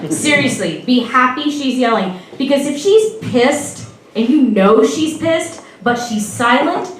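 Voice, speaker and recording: A woman's voice: high voice, a little hiss or hum. A woman doing a stand-up comedy routine on a club stage, with playful, teasing audience banter. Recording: echoey club from far, with audience. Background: audience laughter.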